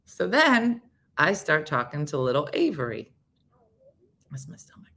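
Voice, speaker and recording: A woman's voice: low-pitched, a little slow. A woman hosting a casual morning show, telling a story with lots of acted-out quotes, laughter and sudden whispers. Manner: animated storyteller, acts out quotes, laughs often, drops to whispers.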